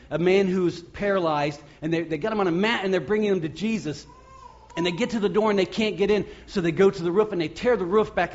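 A man preaching a sermon, retelling scripture stories with lively acted voices and quotes. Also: sits high. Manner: storytelling preacher acting out scripture scenes. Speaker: pastor. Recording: lo-fi muffled sound.

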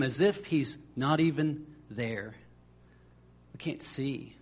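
A man's voice: mid-range voice, slow, long pauses. A man preaching a sermon as pastor, in a conversational way, often repeating words as he restarts a phrase and acting out the voices of people in the stories.

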